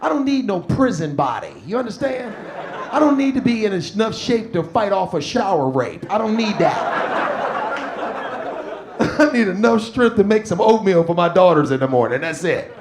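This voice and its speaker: A man doing a stand-up comedy set on stage, talking in loose slang and shouting his punchlines. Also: sits high, very animated, normal speed. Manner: casual slang, drawled asides. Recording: live stage mic with audience noise.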